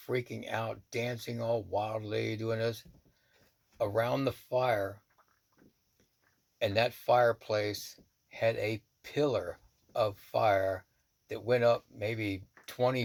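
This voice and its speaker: A man, a shaman, telling a personal story in a blunt, profane, animated way. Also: on the low side, vocal fry.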